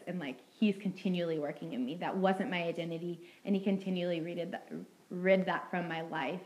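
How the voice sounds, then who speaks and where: A young woman speaks in a slightly low voice, giving a personal testimony to a youth gathering. She is earnest and heartfelt, and she talks casually with many "like"s and "um"s. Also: fairly even intonation, fairly quick, low-quality recording. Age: young adult. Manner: earnest, heartfelt, frequent "like" and "um" fillers. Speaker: student speaker at a youth ministry meeting.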